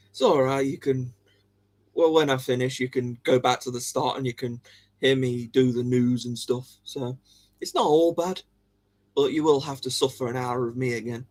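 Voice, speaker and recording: A man's voice: mid-range voice, steady tone, a little slow, pauses often, a little mellow. A man hosting a livestream, chatting casually with viewers in a jokey, giggly way. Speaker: livestream host.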